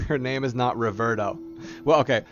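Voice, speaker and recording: A man's voice: mid-range voice, highs cut off. A man streaming a game live, playfully teasing his companion and relaying her replies aloud, laughing often.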